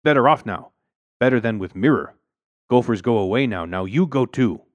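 A man voicing a stern older female housekeeper who speaks in clipped, broken English, loud and blunt. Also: medium pitch, lively intonation, normal speed, dry recording, dull audio, close to an everyday voice. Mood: curt.

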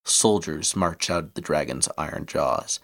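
A man reading an adventure story aloud in a steady, measured way. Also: a bass voice.

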